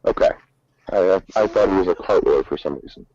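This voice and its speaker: A man's voice: sits low, fast talker, mellow. A man hosting a casual gaming chat, rambling with lots of fillers and self-corrections, over a muffled online call. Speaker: host. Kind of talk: casual tournament preview chat.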